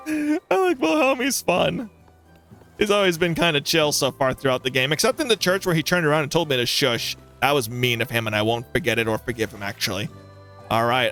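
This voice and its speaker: A man's voice: fairly high pitch, normal speed, faint music behind. A man playing through a game, reading every villager's lines aloud and joking between them. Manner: animated, jokey, plays every villager. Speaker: let's play streamer.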